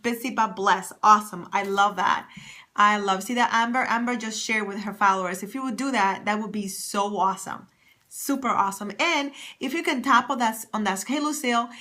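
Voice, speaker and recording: A woman's voice: a little high, pushed and bright. Bubbly woman greeting live-stream viewers. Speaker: fashion stylist and author. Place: her office. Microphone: phone camera.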